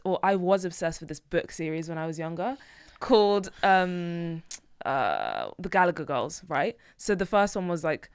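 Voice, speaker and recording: A woman's voice: on the low side, very animated, normal speed, smooth, no echo. A woman co-hosting a podcast, chatting casually and rambling with lots of fillers. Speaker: podcast co-host. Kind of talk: casual chat.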